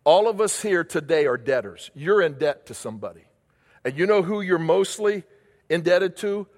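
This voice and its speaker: A man's voice: a little high, animated, moderate pace. An older man preaching a sermon as a pastor, emphatic, repeating key phrases and asking rhetorical questions. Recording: long reverb of a large hall.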